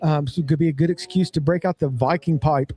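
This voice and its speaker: A man's voice: a little high, fairly even intonation, fast talker, warm tone, breathy edge. A man co-hosting a podcast, chatting casually and cracking jokes. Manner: jokey, chatty, puts on mock accents. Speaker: podcast co-host. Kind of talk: casual chat.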